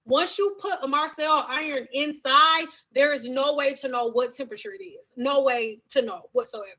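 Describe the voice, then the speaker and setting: A woman's voice: high-pitched, normal speed, sharp tone. A woman who used to do hair professionally, chatting casually on a live stream and answering viewers' hair questions in a sassy, direct way.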